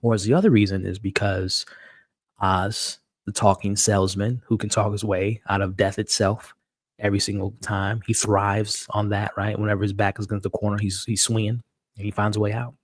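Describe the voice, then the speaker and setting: Hosting a live-stream TV episode recap, this man has a somewhat low voice and moves at a moderate pace, though his manner is excitable, with repeated words whenever he starts a sentence over. A dog is audible behind him, and the close, dry sound carries no room echo.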